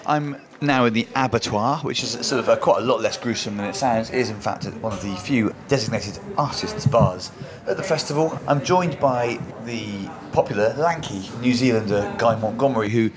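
A man's voice: mid-range voice, moderate pace, hardly any pauses, a crowd in the background. A man hosting on-location festival interviews, speaking with dry, wry asides.

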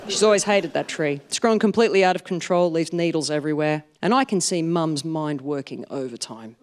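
A woman in her forties tells comic stories to a live audience. Her delivery is dry and self-mocking, and she lands her punchlines deadpan. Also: low-pitched, normal speed, noisy background. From Australia. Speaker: stand-up comedian.

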